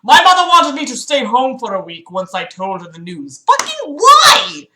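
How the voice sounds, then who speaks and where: A woman reads a book aloud on her livestream, then cuts in with exasperated, sarcastic asides and plenty of swearing. Her voice is bright and forceful, and the room around her rings with echo. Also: medium pitch, sing-song, normal speed. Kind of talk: dramatic reading with mocking commentary. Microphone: streaming mic.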